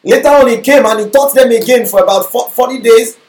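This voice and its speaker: A man's voice: extremely high pitch, a little fast, darkish tone. A man preaching a sermon, often checking in with the congregation with questions like whether they follow him. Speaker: pastor. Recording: echoey room.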